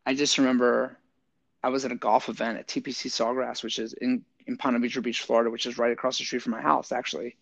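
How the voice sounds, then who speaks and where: A middle-aged man who served in the army and now teaches yoga tells stories casually in an interview, talking fast with a medium-pitched voice and some vocal fry. He's an animated storyteller who acts out what people said, leaning heavily on "like." The recording has no room sound, and the highs are cut off.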